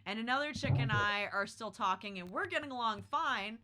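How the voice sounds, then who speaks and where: A woman hosts a casual podcast, spinning a story with brash, profane flair. Her voice sits a bit high and comes across bright and forceful. She tells it dramatically, with plenty of swearing. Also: brisk. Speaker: podcast host.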